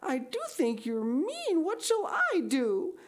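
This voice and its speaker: A woman voicing an excitable young schoolgirl who pleads with her friend in a high, tearful, gushing way. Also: unhurried, a little hiss or hum. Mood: tearful pleading.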